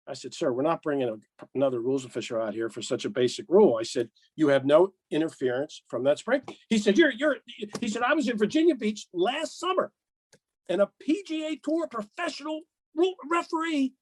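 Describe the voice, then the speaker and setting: Older American man, raised voice, dry close recording; lively guest spinning anecdotes, acts out both sides. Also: a little high, no room sound, rough recording. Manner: animated storyteller, acts out dialogue, chuckles. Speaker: podcast guest, golf rules official. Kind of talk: casual anecdote telling.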